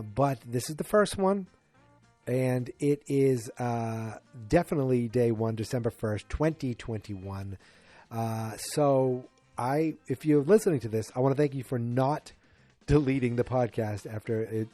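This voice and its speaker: With soft music in the background and no room sound, a forties-aged podcast host speaks in a warm, medium-pitched voice. Alone on the mic, he walks through a sitcom episode in a rambling, jokey way, voicing characters in quick bursts.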